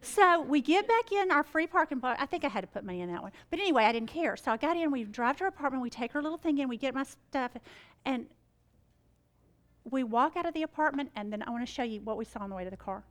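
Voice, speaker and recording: High-voiced chatty woman. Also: expressive, fast talker. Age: middle-aged. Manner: chatty, exclamatory, acts out dialogue. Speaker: Christian speaker. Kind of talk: animated storytelling.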